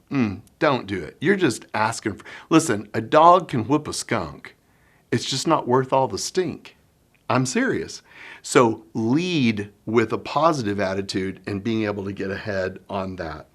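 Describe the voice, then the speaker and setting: A middle-aged man, a children's minister giving a conference workshop talk, folksy and animated as he acts out scenes. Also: medium pitch, a little slow. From Oklahoma, US. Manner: folksy sayings.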